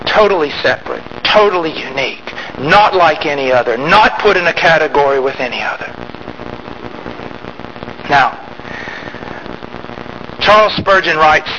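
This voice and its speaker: A man preaching a sermon, emphatic, swinging from loud rising outbursts to quiet low asides. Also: animated, normal speed, lo-fi sound, a little hiss or hum.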